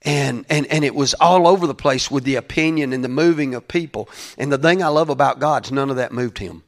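A man, preaching a conversational sermon full of restarts, building to louder passionate peaks. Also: medium pitch, a little fast. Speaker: pastor.

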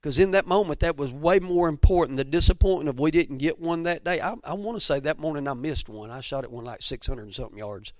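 A middle-aged man from Georgia with a Southern accent, preaching in an emphatic, folksy storytelling style that drops at times to soft near-whispers. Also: fairly high pitch, fast, hardly any pauses, dry recording, clean studio sound. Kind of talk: sermon storytelling.

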